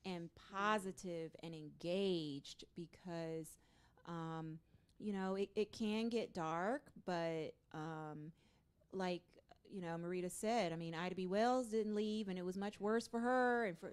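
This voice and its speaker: A woman's voice: medium pitch, smooth. A woman author from the American South answering questions at a book event, talking loosely with many fillers and restarts. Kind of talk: bookstore author conversation.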